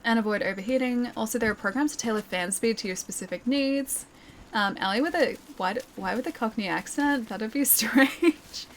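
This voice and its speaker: A young woman streams a game and chats casually with viewers, laughing often and reading their comments aloud while game music plays underneath. Her voice is fairly high and moderately paced, with slight background noise.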